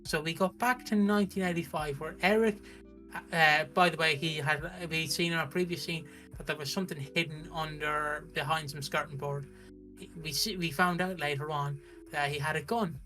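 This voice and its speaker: A British man recapping a soap opera on a stream in a casual, animated way, with frequent restarts. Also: a little high, moderate pace, soft background music. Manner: animated storytelling, acts out characters' lines, frequent restarts.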